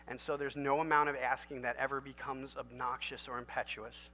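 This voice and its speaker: A man preaching a sermon as pastor, emphatic and animated, jumping to loud high lifts for emphasis. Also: moderate pace, soft background music. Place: large church sanctuary. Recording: long church hall reverb.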